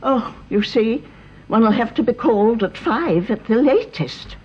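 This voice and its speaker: A fussy, genteel old aristocratic grandmother in a radio drama, her husky, breathy voice rising and falling in a lively way. She speaks in a refined, gushing upper-class manner, heard through a dull, lo-fi broadcast recording. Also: a little high, measured pace. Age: older. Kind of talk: 1930s-set radio drama.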